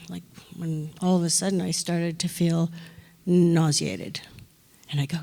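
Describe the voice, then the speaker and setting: A woman's voice: lowish voice, moderate pace, creaky. A woman on a film panel who tells a story vividly, acting out the voices she quotes. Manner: animated, acts out quoted voices. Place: large hall on stage. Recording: hall reverb on stage.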